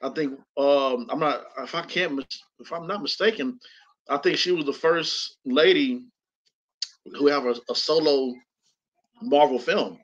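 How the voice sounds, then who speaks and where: A man's voice: on the high side, a little slow. A man as a guest in a casual film discussion, laid-back and hesitant with many fillers. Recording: slightly dull lo-fi sound.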